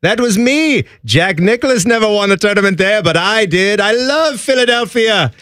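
A man's voice: sits high, fast talker, fairly bright tone, dry recording, voice pushed up. A man putting on a mock South African accent as a joke on a radio show, boasting. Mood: boastful. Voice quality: put-on accent.

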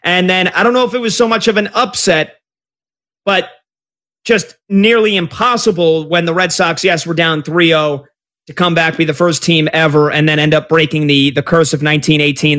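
A man hosting a sports talk radio show, taking callers in an energetic, conversational way. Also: fairly high pitch.

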